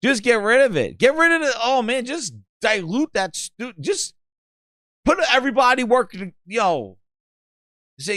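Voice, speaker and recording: A man hosting a gaming channel in casual commentary, excitable and joking, swearing freely. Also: very high voice, measured pace, dry recording, studio quality.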